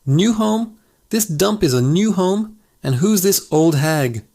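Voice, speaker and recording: A brash, foul-mouthed pet parrot squawks in a scratchy, raised voice. A man puts the bird on while telling a joke, pushing the pitch up high and sharpening the insults. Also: expressive, takes it slowly, dark tone, heavily acted. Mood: rude, squawking. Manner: insulting and brash, later stiffly over-polite.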